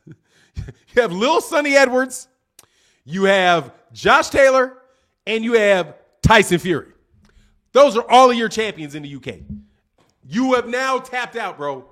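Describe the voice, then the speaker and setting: A man with an unusually high voice hosts a casual livestream. He rambles quickly and teases his viewers with cocky trash talk, often restarting his sentences. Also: fairly bright tone. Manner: cocky, teasing, trash-talking; fast, rambling, with restarts and laughs. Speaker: livestream host.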